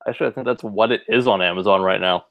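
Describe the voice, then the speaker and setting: A man co-hosting a casual online chat, relaxed and quick to laugh. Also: fairly low pitch, gravelly, dry recording, narrow, tinny audio. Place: online video call.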